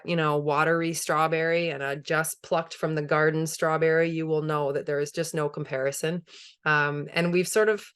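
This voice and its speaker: A woman presenting a webinar on a video call, conversational and enthusiastic, laughing easily as she explains. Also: sits low. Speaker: permaculture presenter.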